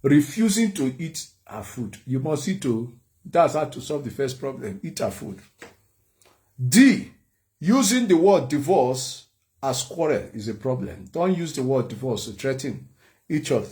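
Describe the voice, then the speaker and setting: A man's voice: mid-range voice, very animated, unhurried, a little mellow. A Nigerian man preaching a humorous sermon, joking and laughing often. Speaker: prophet and preacher.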